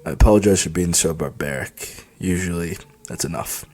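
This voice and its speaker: A man voicing a gruff young male bar owner in an audiobook, speaking low, quiet and curt. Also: normal speed. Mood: apologetic.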